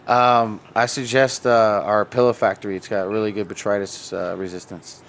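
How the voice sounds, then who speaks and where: Rambling, joking low-voiced man. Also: flat delivery, moderate pace, a bit bright. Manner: rambling, joking, laughs often. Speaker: cannabis breeder and show guest. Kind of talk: casual podcast chat.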